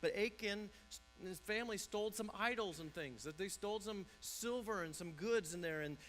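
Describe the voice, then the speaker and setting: A man's voice: high-pitched, normal speed, a bit bright, soft background music, rough recording. A man pastor preaching a conversational sermon in a church, often restarting and repeating words.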